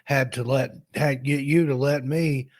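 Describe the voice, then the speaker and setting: A man's voice: mid-range voice, a little slow, dry recording. A man in casual chat, chiming in with details of a shared story. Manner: relaxed, chimes in to fill in details.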